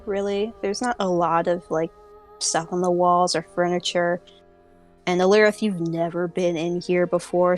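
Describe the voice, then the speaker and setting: Slow-talking woman game master, casual delivery, faint music behind. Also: fairly low pitch. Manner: casual, lots of filler words. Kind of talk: narrating a tabletop game.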